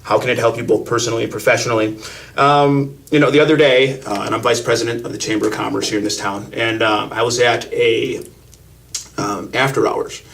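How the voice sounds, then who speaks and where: A man's voice: medium pitch, fairly even intonation, a little fast, gravelly, a bit bright, distant mic. A man hosting a podcast, telling stories in a brash, self-assured way. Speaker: podcast host. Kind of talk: casual podcast chat.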